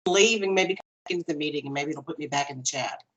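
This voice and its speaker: A woman from Texas with a Texan accent, chatting politely and softly on a video call. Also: sits low, quick pace, poor audio. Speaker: meeting participant. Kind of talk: casual chat on a call.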